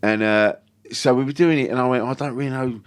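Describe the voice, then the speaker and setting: A man's voice: mid-range voice, fairly even intonation, fairly quick, clear, resonant tone. Rambling man telling stories. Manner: rambling storyteller, self-interrupting, swears freely. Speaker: podcast guest, comedian. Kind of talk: casual chat.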